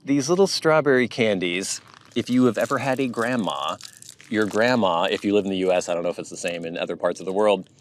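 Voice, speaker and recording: Low-voiced Pacific Northwest man musing. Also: a little hiss or hum. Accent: Pacific Northwest American. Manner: low-affect, flat and even; musing, thinking aloud. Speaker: vlogger. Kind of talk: casual chat to camera.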